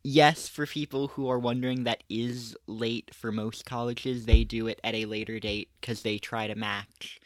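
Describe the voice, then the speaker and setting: A young man, a college student about to start school, co-hosting a podcast in relaxed casual chat. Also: mid-range voice, normal speed, hardly any pauses, no room sound. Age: young adult. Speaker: co-host.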